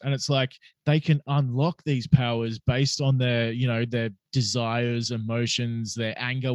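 Brief: young Aussie male podcast host, casual and sweary, mid pitch, dry and slightly dull recording. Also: dry recording. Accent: Australian. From Australia. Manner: chatty, swearing, laughs often. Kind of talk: casual chat.

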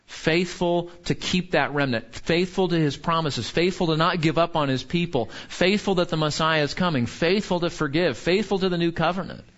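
A man's voice: a little high, normal speed, hardly any pauses, a bit bright. A man teaching a Bible class in an earnest, questioning way, drawing answers from the group. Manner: earnest, asks the room questions, frequent restarts. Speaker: pastor or teacher. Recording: dull lo-fi recording.

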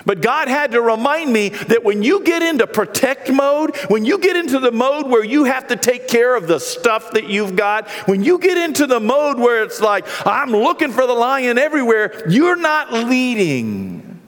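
A middle-aged man preaching a sermon as pastor, swinging from hushed, quiet stretches to loud, impassioned peaks. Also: very high-pitched, sing-song, moderate pace. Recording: long reverb of a large hall.

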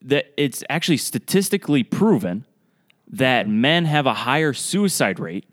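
A man's voice: medium pitch, sing-song, normal speed, a bit bright, dry recording, studio quality. A man co-hosting a podcast, speaking earnestly and sincerely in casual conversation. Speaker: podcast co-host. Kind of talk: casual chat.

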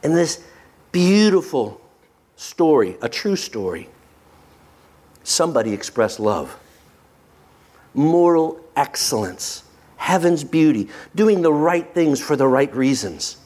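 Brief: male pastor, slightly high pitch, emphatic delivery that drops to a hush. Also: slow pace, pauses often. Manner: emphatic, swings from animated to hushed. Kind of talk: sermon.

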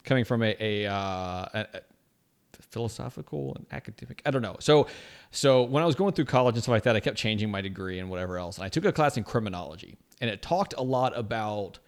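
Young male co-host, casual chat, expressive pitch, talks in loose rambling runs. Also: quick pace, creaky. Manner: animated, rambling with restarts and "right?" tags. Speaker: podcast co-host.

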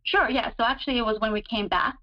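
Woman guest, casual storyteller, chatty with fillers, pitch jumps on dramatic bits; dull lo-fi audio. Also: fairly even intonation, quick pace. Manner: chatty, many fillers, relives moments with sudden higher pitch. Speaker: guest describing her relationship.

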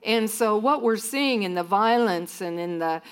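A woman's voice: mid-range voice, expressive, a little slow, smooth. A woman minister telling stories in a sermon-style talk to a church group, often acting out what other people said. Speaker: minister speaking to students.

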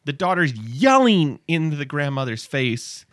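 A man with a high, very lively voice chats about a TV episode as a co-host and slips into mock scenes as he jokes. His tone is bright and forward, and the recording is close and dry. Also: unhurried, no room sound. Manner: jokey, acts out scenes with exaggerated voices. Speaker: podcast co-host. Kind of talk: casual chat reviewing a TV episode.

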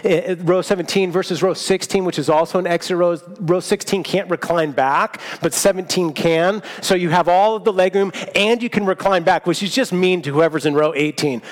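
A man preaching a sermon, telling a personal story in a lively, self-mocking way. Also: sits high, brisk, hardly any pauses. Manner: animated storytelling, self-mocking, laughs at himself. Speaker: pastor. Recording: long hall reverb.

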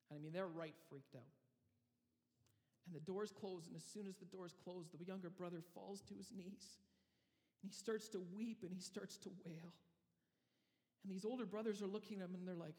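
A man preaching a sermon, telling a story with dramatic pauses and frequent restarts. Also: high-pitched, steady tone, a little mellow, big-room sound. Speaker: pastor.

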